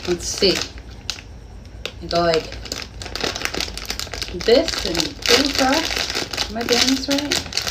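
A woman in her thirties, a mom chatting casually and excitably through a shopping haul, laughing easily. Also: on the high side, slow, long pauses, distant mic, heavy background noise.

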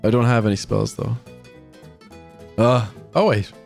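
A man with an Irish accent hosting a casual gaming session with friends, excitable and slangy, laughing often and calling everyone mate. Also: mid-range voice, a little slow, creaky, faint music behind. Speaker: gaming video host.

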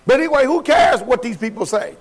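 A pastor with a high voice preaches to his congregation in a church. He talks in a loose, colloquial way and keeps putting questions to the room. He moves between loud and quiet as he preaches. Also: lively intonation, brisk, a crowd in the background, low-quality recording. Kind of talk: sermon. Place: church sanctuary.

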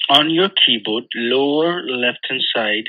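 A man's voice: medium pitch, slow pace. A man posing as a support agent on a phone call, curt and impatient. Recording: dull lo-fi call with faint music.

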